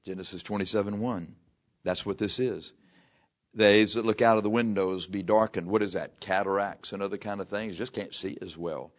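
An older man preaching a folksy sermon, reading scripture slowly and telling homespun stories. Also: lowish voice, fairly even intonation. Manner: slow, drawn-out scripture reading mixed with chatty anecdotes.

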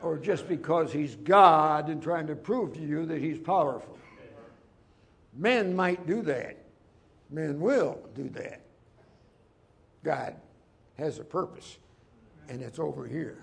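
A male pastor with a somewhat high, gravelly voice, preaching in a folksy, conversational way. He drifts into personal stories and leans hard on his points. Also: expressive, slow, pauses often. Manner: folksy, conversational, emphatic, storytelling. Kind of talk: sermon with personal anecdotes.

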